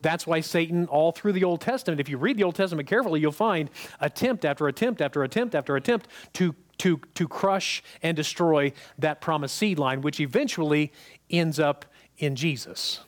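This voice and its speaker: Speaking fairly quickly in a high-pitched voice, a male preacher gives a relaxed, conversational sermon. He often asks the congregation if they're following and repeats words for emphasis.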